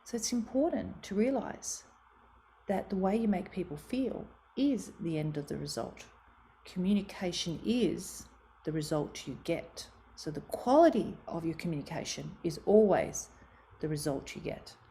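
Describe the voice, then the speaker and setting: A woman's voice: fairly low pitch, animated, unhurried, vocal fry, warm tone, slight background noise. A middle-aged Australian woman giving a motivational talk on communication, acting out quoted voices with expression. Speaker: speaker on communication.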